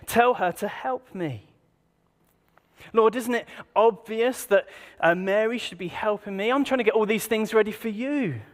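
A man's voice: high voice, unhurried, in a large hall, pitched above the performer's own voice. A man putting on an indignant overworked woman. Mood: aggrieved. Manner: indignant, whiny pleading. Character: exasperated overworked woman complaining about her sister.

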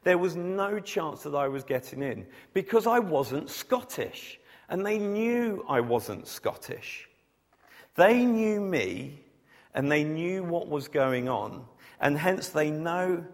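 Man, preacher, sermon, gravelly, humorous storytelling, reverberant hall. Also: on the high side, slow. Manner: storytelling with humor, animated when acting out scenes.

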